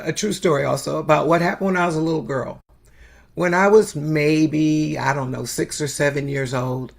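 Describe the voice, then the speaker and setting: An older woman telling a story as a sermon, slow and unhurried with long pauses. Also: low voice, creaky. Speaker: spiritual speaker.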